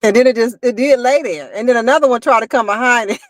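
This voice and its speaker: A woman co-hosting a casual livestream chat, expressive and asking viewers rhetorical questions. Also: on the high side, fast talker, no room sound. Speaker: livestream co-host.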